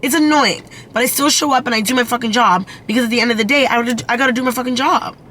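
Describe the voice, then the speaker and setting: A young woman vlogs casually into her phone camera, chatty and blunt and swearing freely. Her voice is a little high and sharp, with fairly even intonation, and she races along over slight background noise.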